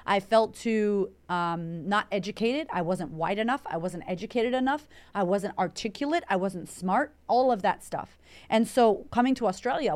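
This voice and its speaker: A Puerto Rican woman, a confidence coach and podcast host, runs an Instagram live Q&A. She answers viewer comments in a brash, high-energy style packed with swearing, her voice at a medium pitch.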